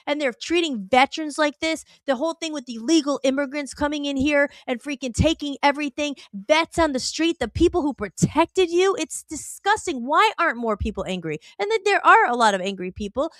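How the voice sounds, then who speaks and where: A woman's voice: high-pitched, a bit bright, dry recording. A woman on a talk stream, ranting heatedly and firing off rhetorical questions. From United States.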